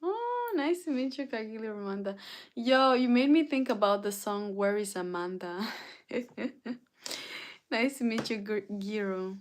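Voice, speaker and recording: A woman's voice: medium pitch, a little slow. A tired woman hosting a casual live stream, reading chat messages aloud and answering them. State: tired, yawning. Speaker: livestreamer.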